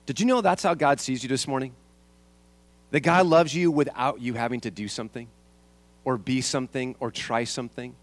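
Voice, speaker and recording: A man's voice: medium pitch, moderate pace, no room sound. A man preaching a sermon as a pastor, asking the congregation rhetorical questions and repeating his key lines.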